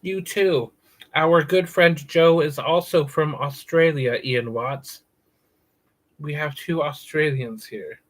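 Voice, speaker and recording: On a rough recording, this American livestream host speaks slowly and a bit high. He chats casually with his viewers, making crude, silly jokes by repeating words again and again.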